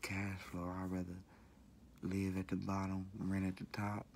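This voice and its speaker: A vlogger with a deep, gravelly voice talks casually to camera, rambling in a loose, slangy, repetitive way and cussing now and then. His tone is low, rough, and darkish, monotone and unhurried, with faint background noise beneath.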